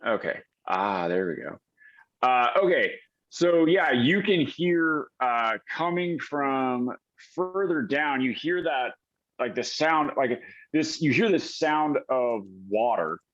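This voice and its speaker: A man's voice: mid-range voice, animated, takes it slowly, a bit bright, dull audio. A man narrating as game master of a tabletop game, hesitant, with many fillers and restarts.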